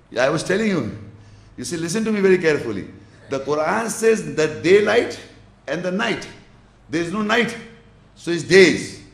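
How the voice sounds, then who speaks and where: Man giving a slow, probing religious lecture. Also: a little high, reverberant. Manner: explains slowly with gestures, checks the audience's understanding. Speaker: Islamic lecturer.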